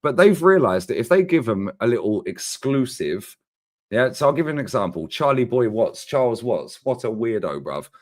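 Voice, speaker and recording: A man co-hosting a casual football chat, ranting in an animated, slangy way. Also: medium pitch, moderate pace. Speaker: co-host.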